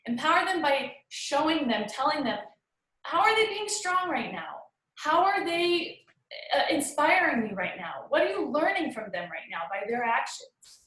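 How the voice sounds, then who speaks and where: A woman's voice: sits high, very animated, a bit bright. Earnest woman in an echoey room. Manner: earnest, pleading, with frequent pauses and restarts. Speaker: guest speaker on a group call. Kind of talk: heartfelt personal testimony.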